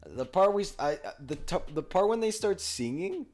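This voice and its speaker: A man's voice: high voice, big pitch swings, moderate pace, darkish tone. A teenage boy co-hosting a podcast, rambling in casual chat with lots of fillers and swearing. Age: teens. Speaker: podcast co-host.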